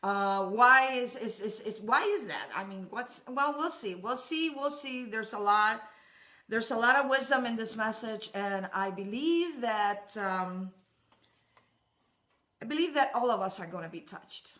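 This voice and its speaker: A woman preacher opening a sermon in a halting way, repeating words and laughing often. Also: fairly high pitch, bright, forceful tone. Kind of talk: sermon with a joke.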